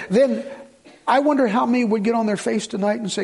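A middle-aged man preaching a sermon as pastor, moving from hushed prayerful lines to urgent appeals. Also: very high-pitched, a little fast, creaky, slightly rough.

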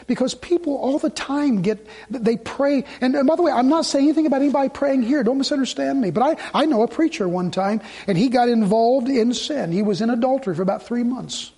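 Husky-voiced preacher man, high and impassioned. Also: fairly quick. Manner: impassioned, swinging between loud urgency and hushed pleading. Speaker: pastor. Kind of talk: sermon.

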